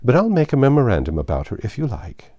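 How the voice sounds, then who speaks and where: A man's voice: mid-range voice, wildly swooping pitch, fast talker, warm tone, muffled recording, pitched above the performer's own voice. A man reading aloud, voicing a fussy, nervous old king who repeats himself. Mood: fretful. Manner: anxious, repeats words.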